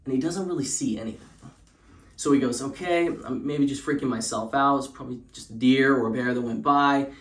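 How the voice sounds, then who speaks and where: A man's voice: mid-range voice, brisk, roomy sound. Rambling young man telling a spoof story. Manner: rambling with many fillers and restarts. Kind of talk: comedic parody storytelling.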